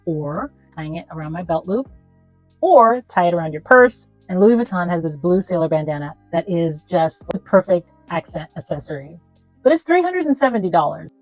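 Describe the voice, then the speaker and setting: A woman with a fairly low voice talks through her fashion picks in a chatty, playful way. She stresses her points with emphasis. Her voice sits close and dry on the mic, with faint music underneath. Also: a little mellow, dry recording, rough recording. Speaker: fashion vlogger. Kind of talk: casual product review.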